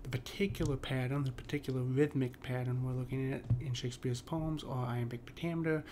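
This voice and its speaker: A man giving a casual spoken lesson on poetic meter, halting often with ums and restarts. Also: medium pitch, fairly even intonation, noisy background. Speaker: poetry teacher.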